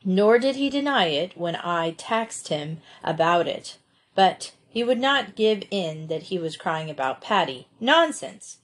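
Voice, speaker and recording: A woman reading a classic children's novel aloud as an audiobook, gently telling the story and lifting her voice for the children's lines. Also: lowish voice, expressive, a little slow. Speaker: audiobook reader. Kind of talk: scripted narration of a classic novel.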